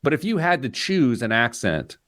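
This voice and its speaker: A man's voice: mid-range voice, moderate pace, no echo, studio quality. A man hosting a podcast, telling stories and joking in casual chat. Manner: jokey, storytelling, animated. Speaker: podcast host.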